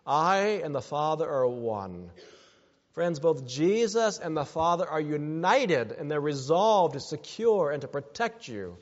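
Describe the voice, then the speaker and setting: A man's voice: fairly high pitch, very animated, measured pace. A man preaching a sermon as pastor, earnest and building to emphatic exhortations. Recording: dull sound with long hall reverb.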